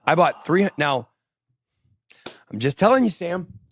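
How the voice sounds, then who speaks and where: With a fairly high, husky voice, a man fronts a crypto show, speaking a little slowly but very animatedly. He keeps things casual, poking fun at himself and going off on tangents while reading the news.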